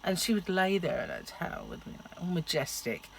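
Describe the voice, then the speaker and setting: A middle-aged woman chatting casually to her vlog audience. She tells rambling stories and laughs often. Her pitch swings up and down a great deal. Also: wildly swooping pitch, brisk, creaky, slight background noise. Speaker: diet vlogger. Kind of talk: casual chat.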